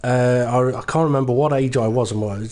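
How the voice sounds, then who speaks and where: A man hosting and commentating a sim racing broadcast, setting the scene in an unhurried, explanatory way. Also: mid-range voice, darkish tone. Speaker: lead commentator.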